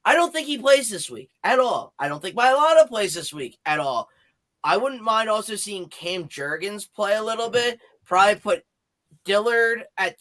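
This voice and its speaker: A man's voice: high voice, poor audio. A man co-hosting a sports podcast, chatting casually and pushing back hard in arguments. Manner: emphatic, argues back loudly. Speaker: podcast co-host.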